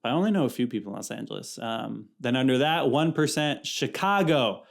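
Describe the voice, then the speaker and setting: A man's voice: mid-range voice, lively intonation, fairly quick, creaky. A young man from California hosting a solo podcast, chatting casually in a rambling, slangy way that keeps interrupting itself. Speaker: podcast host.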